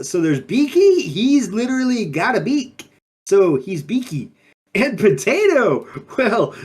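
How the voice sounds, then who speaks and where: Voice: medium pitch, a little mellow, husky. A performer playing a laid-back undine monk who talks in drawling surfer slang, in an improvised in-character interview. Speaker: player character.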